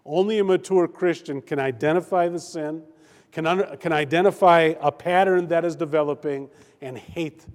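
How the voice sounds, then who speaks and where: A male pastor preaching a sermon in a church, slow and emphatic with deliberate pauses. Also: a little high, a little mellow. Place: church sanctuary. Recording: long hall reverb.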